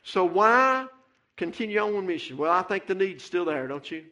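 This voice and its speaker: A man's voice: high voice, lively intonation, normal speed, bright, forceful tone, lo-fi sound. A man preaching a fervent sermon in church, repeating phrases and calling out "Amen.". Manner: fervent, repetitive, calls out "Amen" and "Hey".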